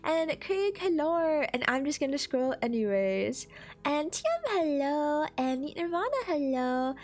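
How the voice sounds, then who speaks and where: A woman's voice: high-pitched, sing-song, unhurried, darkish tone, soft background music. A woman with a stuffy, congested nose, chatting casually and playfully with her live-stream audience, giggling and teasing. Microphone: desk microphone.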